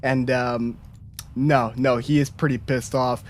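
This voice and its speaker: A man's voice: mid-range voice, level tone, slow pace. Casual man narrating as game master. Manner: casual, hesitant, filler-heavy narration.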